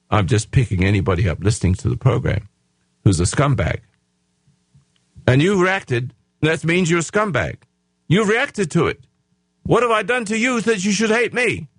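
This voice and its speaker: A man hosting a radio talk show, delivering an emphatic, preachy monologue in a rough voice that he raises as he speaks. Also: fairly high pitch, big pitch swings, normal speed, pauses often, dry recording. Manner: emphatic, raising his voice, preachy.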